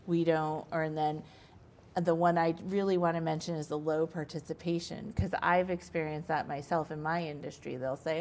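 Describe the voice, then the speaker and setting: A woman's voice: deep voice, little pitch movement, normal speed, a little mellow, a little hiss or hum. A woman hosting a local talk show, conversational and agreeing as she questions her guest. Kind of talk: casual interview talk.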